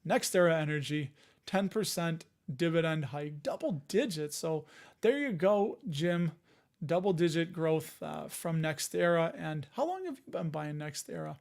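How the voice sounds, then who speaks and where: A man's voice: on the high side, expressive, unhurried, creaky. A man hosting a casual investing livestream, running through news with jokey asides. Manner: chatty, jokey asides while reading news items. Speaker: host of a dividend investing show.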